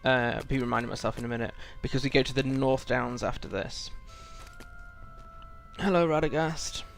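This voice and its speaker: Rambling man with a gravelly voice. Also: medium pitch, flat delivery, fast talker, a bit bright, faint music behind. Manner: rambling, self-correcting, chuckles to himself. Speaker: gaming channel host. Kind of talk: casual gameplay commentary.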